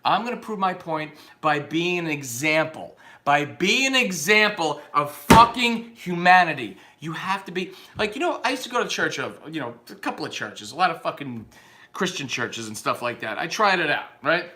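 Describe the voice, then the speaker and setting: A man's voice: on the high side, sing-song, normal speed, sharp tone, slight background noise. A man delivering an unscripted, profane, combative rant that rambles from point to point.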